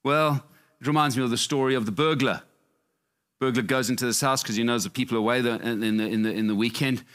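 Middle-aged male pastor, fervent sermon, keeps hammering his points, swings from high peaks to quiet low asides. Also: fairly even intonation, fast talker. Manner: passionate, repetitive emphasis, swinging up and down in pitch.

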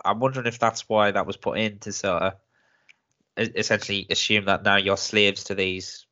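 A man's voice: fairly low pitch, moderate pace. A man co-hosting a podcast, talking animatedly about a film and laughing often. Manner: animated, laughs often, acts out quoted lines. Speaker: podcast co-host. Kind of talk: casual film chat. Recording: dull, slightly muffled podcast audio.

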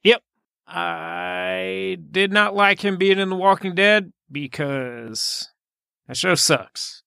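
A man co-hosting a casual movie podcast, excitable and sarcastic, swearing freely. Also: high-pitched, slow, creaky, clear, resonant tone, no room sound, clean studio sound. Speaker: podcast co-host.

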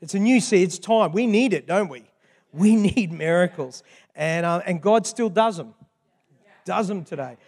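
High-voiced Australian pastor in an echoey hall. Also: male voice, lively intonation, moderate pace, darkish tone. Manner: jovial, banters with the congregation. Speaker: guest pastor. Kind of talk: sermon. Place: church hall with long reverb.

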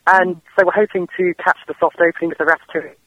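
A man's voice: sits high, level tone, rapid-fire, no room sound. A young man in his twenties from England with an English accent, calling in to a show and chatting eagerly in long run-on sentences. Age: 20s. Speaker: caller. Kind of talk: casual call-in chat. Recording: muffled phone line.

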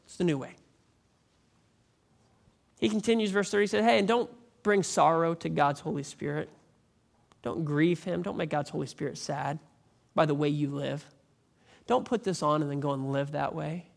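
Guy pastor preaching, kinda high voice, chatty and animated, gets loud and punchy at times. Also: normal speed, vocal fry, pauses often. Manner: animated, rising to emphatic near-shouting peaks; conversational preaching with repeated restarts. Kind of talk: sermon.

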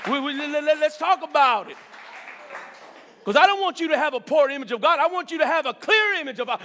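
A man preaching a sermon with enthusiasm, repeating words and swinging between loud calls and low murmurs. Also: lively intonation, fast, big-room sound, a faint crowd.

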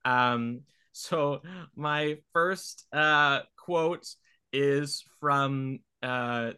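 A man co-hosting a relaxed podcast, his voice bright and forward. He talks in halting stretches, full of fillers, and laughs often. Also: mid-range voice, smooth. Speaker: podcast co-host. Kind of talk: casual chat.

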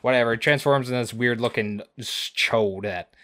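A man's voice: medium pitch, moderate pace, pushed and bright, dry recording. A man co-hosting a podcast, recapping an episode in a rambling, crude way full of swearing and asides. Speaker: podcast co-host.

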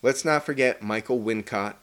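A man talking movies on a casual podcast, swinging from hushed to loud as he gets worked up. He swears freely and keeps acting out lines from the film, with a plain, average-pitched voice. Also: moderate pace, clear, resonant tone. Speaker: podcast co-host. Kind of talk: casual movie review chat.

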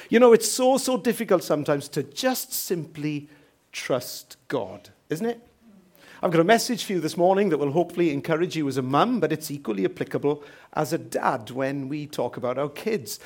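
A man preaching a sermon as pastor in a church, telling stories lively and asking rhetorical questions. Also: on the high side.

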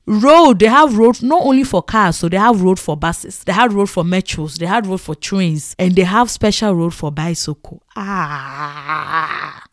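A woman from Ghana with a Ghanaian English accent, telling animated, exclamatory stories to the camera and acting out her own past reactions. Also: fairly low pitch, moderate pace, few pauses, no room sound, clean studio sound. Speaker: vlogger. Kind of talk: casual storytelling to camera.

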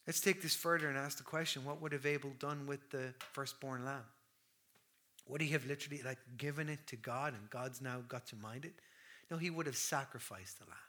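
A man in his thirties preaching a sermon with passion, swinging from loud declarations to hushed near-whispers. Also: medium pitch.

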